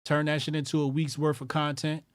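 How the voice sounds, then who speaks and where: A fairly high-voiced man rants on his call-in show with mockery and constant swearing. He hammers his points home by repeating lines. The sound is close and dry, with no room around it. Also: monotone, a little fast, dry recording. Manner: loud, profane, mocking, repeats lines for emphasis. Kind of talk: profane ranting commentary.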